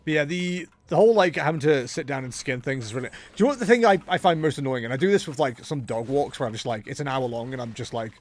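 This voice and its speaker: A man's voice: mid-range voice, fast, few pauses. A young man streaming a game, chatting casually and rambling with jokes as he talks himself into ideas. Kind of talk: casual live-stream chatter while gaming.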